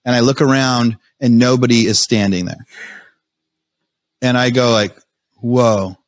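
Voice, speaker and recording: A man as a podcast guest, telling his story in a fast, animated way with many restarts. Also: mid-range voice, no room sound, studio quality. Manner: fast, animated retelling with frequent restarts and quoted self-talk.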